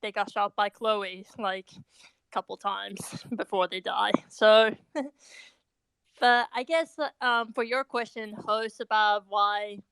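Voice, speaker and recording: Flat-voiced woman, full of ums and likes. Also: medium pitch, slow pace, clear, resonant tone, dry recording. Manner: hesitant, full of um and like. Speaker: podcast panelist. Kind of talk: casual fan discussion.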